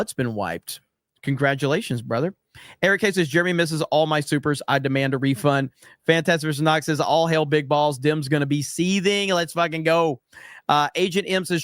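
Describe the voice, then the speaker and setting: A man's voice: a little high, fairly bright tone, clear, resonant tone, no room sound, studio quality. A man hosting a casual livestream, reading viewer super chats aloud and ranting in a brash, profane, emphatic way. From United States.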